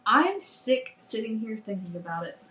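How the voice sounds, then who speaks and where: Brief: woman podcast co-host, animated book gossip, roomy sound, light background hiss. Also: a little high, moderate pace. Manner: excited, swears freely, retells scenes with quoted dialogue. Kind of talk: casual book review chat.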